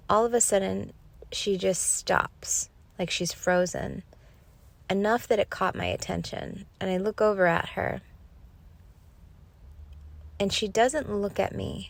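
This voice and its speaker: A woman's voice: mid-range voice, creaky. A woman hosting a podcast, telling a personal spiritual story in an earnest, reflective way. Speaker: podcast host.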